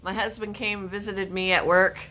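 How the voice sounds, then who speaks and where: A woman's voice: medium pitch, little pitch movement, moderate pace, sharp tone. A woman hosting a casual live stream, chatting to her pets and her viewers.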